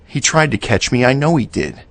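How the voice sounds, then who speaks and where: A man reading a horror story aloud in a slow, measured storytelling manner. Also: medium pitch, lively intonation, a bit bright. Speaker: narrator. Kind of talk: scripted horror narration.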